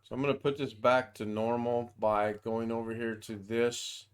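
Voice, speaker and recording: A man's voice: mid-range voice, fairly even intonation, normal speed, clear, resonant tone. A man giving a casual screen-share tutorial over a video call, thinking aloud as he goes and rambling with frequent restarts. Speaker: software demonstrator.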